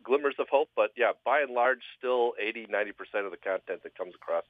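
A man calling in as a guest, telling a joke casually, with a halting delivery and many fillers. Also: mid-range voice, dry recording. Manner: halting, lots of fillers, lively. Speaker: phone-in guest, joke teller. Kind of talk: casual storytelling. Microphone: phone. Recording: tinny phone line.

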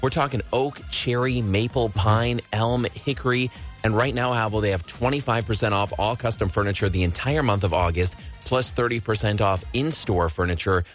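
A man's voice: fairly low pitch, normal speed, soft background music. A man hosting a radio morning show, running trivia and reading an upbeat sponsor spot. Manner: upbeat, reads ads and phone number.

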